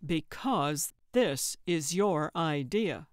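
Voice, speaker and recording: Woman reading a tired grumbling older man: dry, grudging, low, slow. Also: smooth, no echo.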